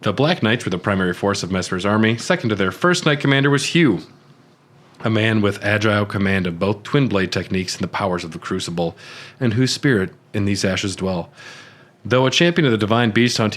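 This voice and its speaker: A man with a fairly low voice co-hosts a relaxed gaming podcast. He reads out item text, then drifts into loose, joking commentary with the occasional swear. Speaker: podcast co-host. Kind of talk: casual gaming podcast chat.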